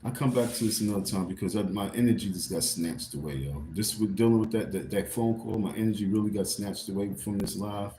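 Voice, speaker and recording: A man's voice: lowish voice, a little fast, few pauses, dark tone. A man on a casual livestream, tired and irritated, rambling and repeating himself as he talks to his viewers. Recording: roomy with faint background noise.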